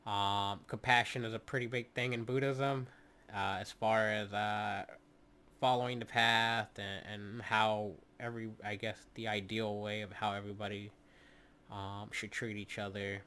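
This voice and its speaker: A man's voice: on the low side, flat delivery, pushed and bright, clear, resonant tone. A man hosting a solo podcast, talking through his points in an instructive way and often stopping on fillers and restarts while he addresses the listener directly. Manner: halting, many fillers and restarts. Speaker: podcast host.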